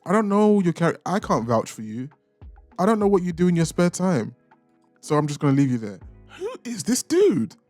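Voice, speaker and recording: A man's voice: fairly high pitch, animated, a little fast, darkish tone, no echo, soft background music. Chatty opinionated man. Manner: chatty, opinionated, playfully insulting. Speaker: reaction channel host. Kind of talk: casual ranking commentary.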